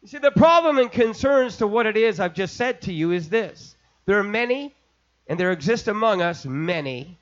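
A man preaching an impassioned sermon, building from quiet storytelling to shouting. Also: high voice, muffled recording. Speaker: pastor.

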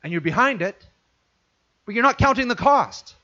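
A man preaching a sermon as a pastor, who acts out the inner voices of his listeners and drops to a hush for them. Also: very high-pitched, expressive, moderate pace, dull audio.

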